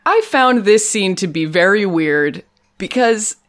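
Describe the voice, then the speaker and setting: A woman co-hosting a podcast, chatting casually about a TV episode, animated and laughing often. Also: medium pitch, unhurried. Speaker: podcast co-host. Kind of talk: casual chat recapping a TV episode.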